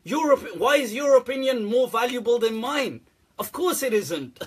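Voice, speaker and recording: A man holds forth in a casual, sarcastic rant, breaking into laughter and swearing freely. His voice sits high and has a husky edge. He talks loosely and bluntly. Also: expressive, measured pace. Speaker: Islamic scholar answering questions. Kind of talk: casual ranting commentary.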